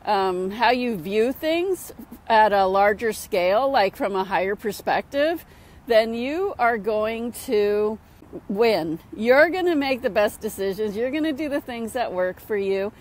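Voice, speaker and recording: A woman's voice: fairly high pitch, expressive, measured pace. A middle-aged woman, a spiritual mentor, talking casually and upbeat outdoors at sunset, repeating phrases for emphasis. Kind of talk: casual motivational talk to camera.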